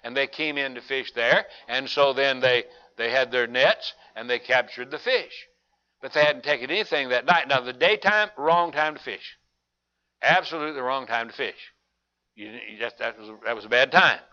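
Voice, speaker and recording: A man's voice: medium pitch, normal speed, pushed and bright. A man who preaches a Bible study in a folksy, conversational way, often repeating and restarting phrases. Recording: dull lo-fi recording.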